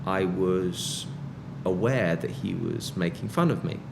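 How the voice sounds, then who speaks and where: A man's voice: low voice, unhurried, creaky, background noise. Wry British man telling stories. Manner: wry, self-mocking storyteller. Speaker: musician guest. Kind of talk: casual interview chat.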